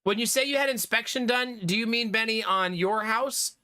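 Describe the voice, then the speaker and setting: Man, high voice, bright tone, casual streamer chat, laughs a lot, dry close mic. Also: normal speed, clear, resonant tone, dry recording. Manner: animated, laughs often, swears casually. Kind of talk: casual chat with live viewers.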